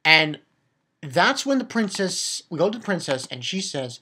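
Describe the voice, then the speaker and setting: A man casually recapping a manga chapter, rambling and swearing, with many restarts and bursts of excitement. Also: sits high, moderate pace, breathy edge.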